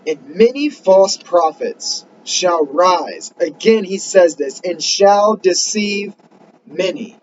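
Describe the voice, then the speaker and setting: Earnest male preacher, high-pitched, builds to emphatic questions and reads scripture slowly; muffled recording. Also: animated, noisy background. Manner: reads scripture slowly in King James wording. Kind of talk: sermon.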